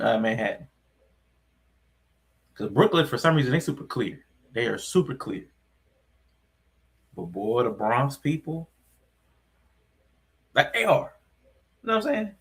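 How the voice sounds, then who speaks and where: A man's voice: medium pitch, fairly bright tone. A man co-hosting a podcast, chatting in a laid-back, joking way. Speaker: podcast co-host. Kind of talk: casual chat.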